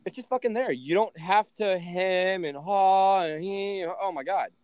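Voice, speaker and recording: A man hosting a casual podcast, telling stories in an animated, profane way. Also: high-pitched, measured pace, clear, resonant tone, no room sound. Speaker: podcast host and trading coach.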